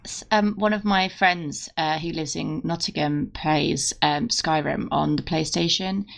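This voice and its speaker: A woman's voice: sits low, fairly even intonation, unhurried, vocal fry. A woman co-hosting a gaming podcast, chatting and joking casually. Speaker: podcast co-host. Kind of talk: casual chat.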